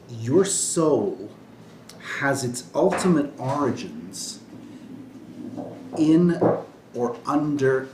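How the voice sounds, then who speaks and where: A man's voice: medium pitch, darkish tone, roomy sound, slight background noise. A man, a rabbi, giving an informal classroom lecture in a conversational way, often checking in with "right?". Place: classroom with students.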